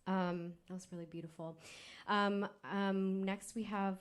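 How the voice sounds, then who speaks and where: A woman hosting a live storytelling event, introducing speakers in a loose, rambling way with many pauses and fillers. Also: mid-range voice, flat delivery, clear, resonant tone. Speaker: event host.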